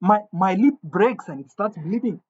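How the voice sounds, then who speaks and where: A man telling a comic story in an animated, indignant way with many stumbling restarts, on a dull lo-fi recording. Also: sits high, normal speed.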